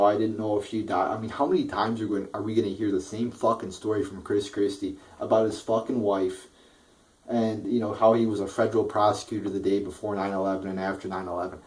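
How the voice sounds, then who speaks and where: A man rants about politics in a heated, profane way. He keeps stumbling into stammering restarts. His voice sits low, and he is recorded from a short distance off the mic. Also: darkish tone. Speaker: political vlogger. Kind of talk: angry political rant.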